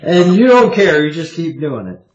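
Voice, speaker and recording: A man's voice: on the high side, very animated, normal speed. A man interviewing a guest casually, prompting him with short questions. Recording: roomy, dull-sounding recording.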